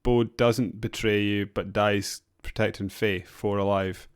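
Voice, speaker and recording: Easygoing podcast man, low voice. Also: steady tone, a little slow, smooth. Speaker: podcast co-host. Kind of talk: casual chat.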